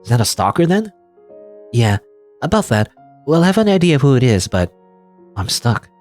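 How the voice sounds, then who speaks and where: A man's voice: medium pitch, big pitch swings, normal speed, a little mellow, soft background music, natural voice. A man voicing a frightened young female student who is usually tough, talking in a hesitant, worried way.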